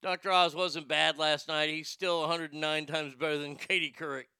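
A man's voice: a little high, flat delivery, moderate pace, bright, forceful tone, smooth, no echo, studio quality. A man hosting a commentary show, talking bluntly and profanely, joking and reading posts aloud. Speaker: show host.

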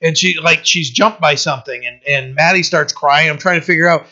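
Bright-voiced pastor preaching casually. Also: male voice, on the high side, a little fast. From United States. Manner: informal storytelling sermon, loose and personal. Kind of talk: conversational sermon. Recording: dull lo-fi recording.

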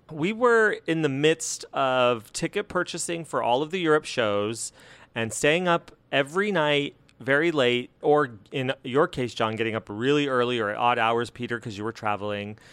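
A man hosting a casual podcast chat, playful and quick to laugh. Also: medium pitch, a bit bright, clear, resonant tone, no room sound. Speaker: podcast host.

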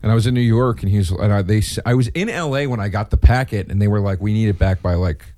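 A man's voice: on the low side, fast talker, warm tone, no room sound. A man hosting a casual chat, telling stories in a rambling way with many fillers and restarts. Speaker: comedian and podcast host.

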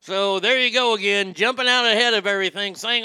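High bright-voiced guy ranting and swearing, crisp dry sound. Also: steady tone, brisk, dry recording. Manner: profane, sarcastic, ranting. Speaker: podcast host. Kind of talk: casual ranting commentary.

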